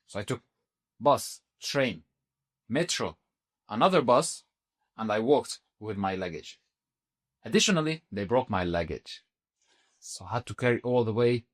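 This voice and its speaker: A man of middle pitch telling his own story on a podcast. His delivery is animated and a little halting, with restarts mid-sentence and sudden jumps up in pitch when he acts out what people said. It sounds like casual talk. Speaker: podcast guest.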